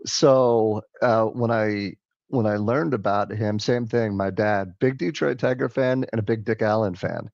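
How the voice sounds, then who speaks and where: A man with a fairly low voice co-hosts a sports podcast, chatting in an easygoing way and tossing questions to the others. The recording is dry and a little dull, with the top end muffled. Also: measured pace, vocal fry, a little mellow, no room sound. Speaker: podcast co-host. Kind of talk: casual sports chat.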